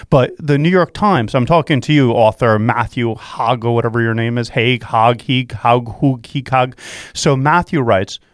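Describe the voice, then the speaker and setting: A man hosting a radio show, giving an excitable, repetitive motivational pep talk from home. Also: medium pitch, no echo, clean studio sound. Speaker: radio show host and real estate investor. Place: at home during quarantine.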